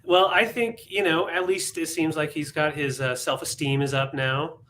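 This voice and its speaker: A man's voice: fairly high pitch, fairly even intonation, normal speed, a bit bright. A man co-hosting a live vintage sale in casual chat, mostly chiming in with short agreeing remarks. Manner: brief agreeing interjections.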